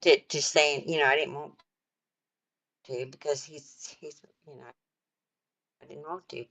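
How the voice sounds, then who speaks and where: A woman's voice: low voice, steady tone, unhurried, a bit bright. An older woman, a grandmother, telling a story in a blunt, repetitive way during a casual chat. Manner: blunt, repeats herself for emphasis. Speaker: stream host.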